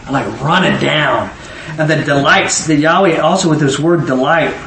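A middle-aged man giving informal Bible teaching, swinging from low musing to high emotional exclamations. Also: normal speed, vocal fry, a bit bright. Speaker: preacher. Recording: echoey room, mic at a distance, faint ambient noise.

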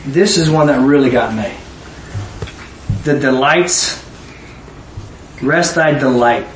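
A middle-aged man giving informal Bible teaching, swinging from low musing to high emotional exclamations. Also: slow pace. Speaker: preacher. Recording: echoey room, mic at a distance, faint ambient noise.

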